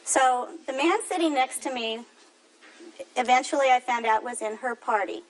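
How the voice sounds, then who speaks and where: A woman testifying as a defendant in a courtroom, retelling events in an earnest, animated way. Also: high voice, moderate pace, low-quality recording. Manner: earnest, animated storytelling that acts out quotes.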